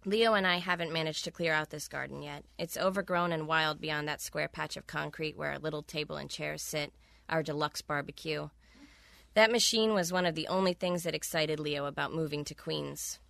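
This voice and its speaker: A woman's voice: sits low, fairly even intonation, moderate pace, vocal fry, a bit bright, no echo. A woman author reading a wry, candid first-person passage from her own novel on a close studio mic.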